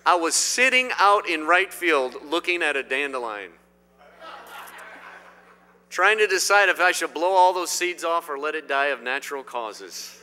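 Middle-aged male pastor from Indiana, emphatic sermon delivery, slightly high bright tone, long reverb. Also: animated, a little slow. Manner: emphatic, swinging between loud declarations and quiet asides. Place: church sanctuary.

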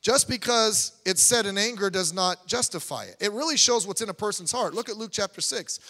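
High, bright-voiced preacher in a reverberant church. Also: male voice, animated, brisk. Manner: conversational preaching with asides and restarts. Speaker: pastor. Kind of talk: sermon. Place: church sanctuary. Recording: long church hall reverb.

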